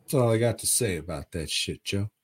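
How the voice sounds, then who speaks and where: A man's voice: fairly low pitch, animated, a little fast, husky. A man co-hosting a podcast, casually reviewing movies in a laid-back, profane way with frequent chuckles. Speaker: podcast co-host.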